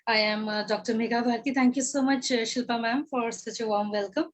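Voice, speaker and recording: Woman poet, fairly high voice, measured recital, repeats lines, voice tiring, video call. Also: steady tone. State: voice tiring, coughing. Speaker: poet reading her work. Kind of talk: poetry recital.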